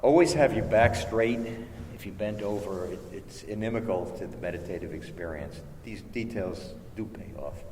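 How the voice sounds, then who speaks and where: A man leading a contemplative prayer workshop, giving gentle instructions with hesitant restarts and chanting syllables. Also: fairly low pitch, moderate pace, few pauses. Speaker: meditation teacher. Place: large chapel with long reverb. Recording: echoey chapel recording, faint hiss.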